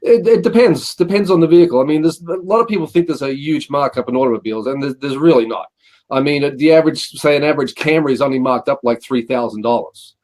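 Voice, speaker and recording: A man's voice: fairly high pitch, fast talker, a little mellow. A middle-aged Australian man, a guest telling rambling anecdotes about his work and acting out what people said. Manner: rambling anecdotes with acted-out quotes and repeated "he says". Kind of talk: casual interview storytelling.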